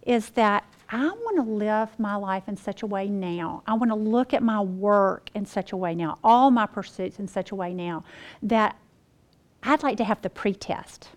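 A woman teaching the Bible to a group, folksy and animated, talking to them as y'all. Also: mid-range voice, moderate pace.

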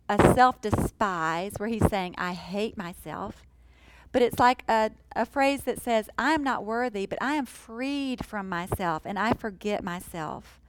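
A woman teaching a sermon in an earnest, emphatic way, slowing down to stress key phrases. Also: medium pitch, smooth, poor audio. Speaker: Bible teacher.

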